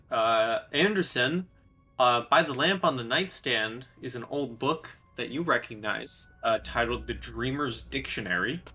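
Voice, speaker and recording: Game master guy, bright voice, lots of ums, faint music behind. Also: mid-range voice. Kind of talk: narrating a tabletop game.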